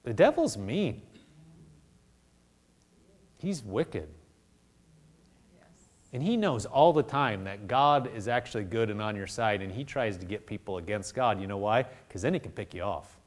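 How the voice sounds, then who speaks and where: A male pastor preaching a sermon in a conversational way, acting out little dialogues and dropping to hushed intensity. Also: on the low side, unhurried, pauses often. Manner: animated preaching, acts out voices of God and people.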